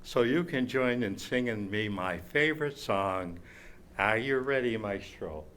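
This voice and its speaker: A man's voice: on the low side, animated, measured pace, a bit bright, voice pushed down. A man doing a stage impression of a flamboyant male piano showman, with jokey patter and puns. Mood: playful. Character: flamboyant showman pianist, male, playful and camp.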